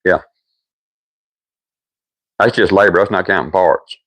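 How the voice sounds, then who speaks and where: An older man with a Deep South accent, hosting a livestream and chatting casually with viewers in a folksy, rambling way. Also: unhurried, a bit bright, dry recording. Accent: Deep South American. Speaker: livestream host.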